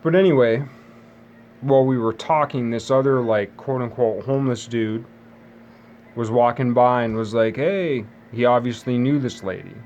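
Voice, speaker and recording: A man's voice: mid-range voice, fairly even intonation, moderate pace, a little mellow, a little hiss or hum. A man talking alone in a loose, rambling monologue, jumping between tangents and correcting himself as he goes. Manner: meandering, self-correcting, jumps between tangents.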